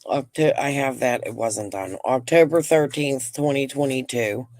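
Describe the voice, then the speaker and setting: A woman's voice: very deep voice, normal speed, dry recording. Chatty venting grandmother, dry sound. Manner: animated venting storyteller. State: recovering from lung infection. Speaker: livestream host. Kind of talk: casual livestream chat.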